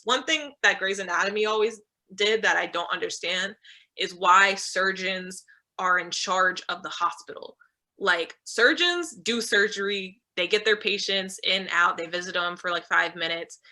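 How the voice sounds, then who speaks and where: A woman's voice: mid-range voice, pushed and bright. A young woman in her twenties speaking as a guest on a video call, candid and chatty with lots of "like". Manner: candid, chatty, says "like" often. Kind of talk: casual chat.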